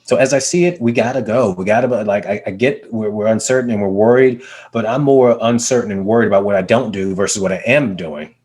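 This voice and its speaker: A man, a business coach, telling a story in conversation, energetic and emphatic, repeating words for effect. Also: lowish voice, fairly quick. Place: video call.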